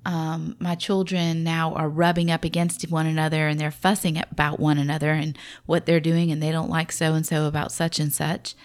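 Southern woman, a bit low-pitched, casual faith-based mom talk, folksy and reflective. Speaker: Christian mother sharing parenting devotional.

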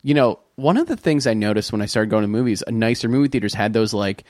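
A man's voice: on the low side, lively intonation, fast talker, darkish tone, no echo, studio quality. A man in his thirties co-hosting a comedy podcast, rambling and riffing with swearing and silly voices. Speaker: podcast co-host. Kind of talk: casual comedic podcast chat.

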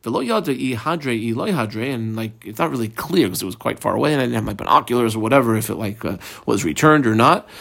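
A man with a gravelly edge to his mid-pitched voice teaches in an easygoing way, drifting into side remarks and restarting his sentences. He walks listeners through the page, telling them what to underline and mark. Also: expressive, quick pace, few pauses, a bit bright. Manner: conversational, tangents, frequent ums and restarts. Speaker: Talmud teacher. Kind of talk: casual daily page class.

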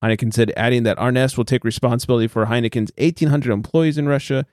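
A man's voice: mid-range voice, fairly even intonation, quick pace, a little mellow, no echo, clean studio sound. A man hosting a casual podcast, reading beer news headlines aloud and joking about them. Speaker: podcast host.

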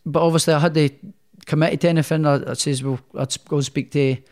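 This guest, a Scottish professional boxer, has a fairly high, darkish voice that stays steady as he talks at a quick pace. Interviewed about his story, he rambles casually, restarting frequently, using plenty of fillers and making light of himself.

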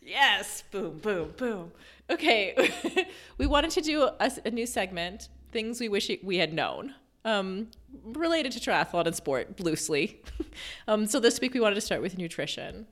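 A woman's voice: mid-range voice, animated, moderate pace. A woman hosting a sports podcast, introducing segments and bantering playfully with lots of giggles. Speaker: podcast host. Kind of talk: casual chat.

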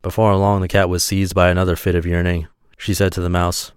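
A man hosting a podcast, reading a fairy tale aloud in a relaxed, friendly storytelling manner. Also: deep voice, a little fast, hardly any pauses, clean tone, no echo, studio quality. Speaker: podcast host.

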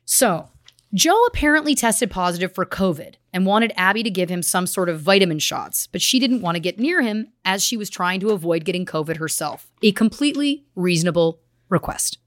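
A woman co-hosts a true crime podcast, walking through court records and reports with steady, grave emphasis. Her voice sits at a middle pitch. The recording is dry and close, with no room sound. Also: fairly quick, dry recording. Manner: earnest, reading case details with grave emphasis. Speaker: podcast co-host.

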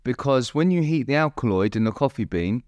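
A man's voice: mid-range voice, animated, brisk, darkish tone, clear, resonant tone, no room sound, studio quality. A man, a fighter guest on a podcast, talking in a rambling, jokey, self-deprecating way. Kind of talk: casual chat.

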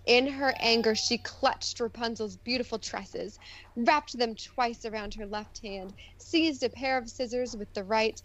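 A woman podcast co-host reading a fairy tale aloud and chatting, animated and teasing. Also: a little high, a little slow. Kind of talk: casual chat and storybook narration.

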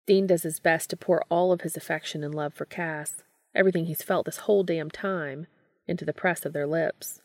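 A woman giving a steady, scripted narration of a romance story. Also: deep voice, moderate pace, no room sound, clean studio sound.

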